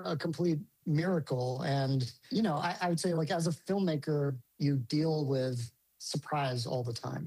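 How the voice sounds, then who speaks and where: A man's voice: a little high, a little mellow, low-quality recording. A man, a film director, answering interview questions thoughtfully with hesitations and restarts.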